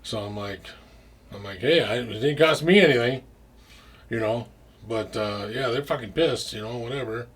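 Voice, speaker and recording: A man's voice: medium pitch, moderate pace, slightly rough. A man telling a story in casual talk, rambling with restarts and frequent swearing. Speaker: interview guest.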